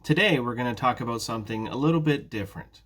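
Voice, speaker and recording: Man teaching a slow, careful English lesson. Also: medium pitch, a bit bright. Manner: slow, careful, repeats words for students. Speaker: ESL teacher. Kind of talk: prerecorded beginner lesson.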